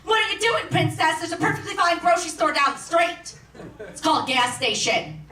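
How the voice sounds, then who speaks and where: A woman voicing her own brash blue-collar inner voice, loud and mocking, on a roomy theatre stage with an audience. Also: very high voice, very animated, a little fast, far from the mic, a crowd in the background, voice pushed up.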